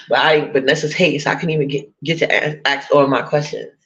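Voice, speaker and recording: A woman's voice: sits low, muffled recording. A woman chatting casually to her viewers, blunt, profane and gossipy with laughing asides. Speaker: vlogger.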